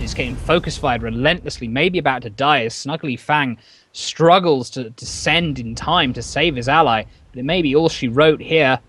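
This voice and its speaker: A man's voice: on the high side, slight background noise. A man casting a game, rambling and laughing often between his play-by-play. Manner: giggly, rambling, animated. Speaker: esports caster. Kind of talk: live game commentary.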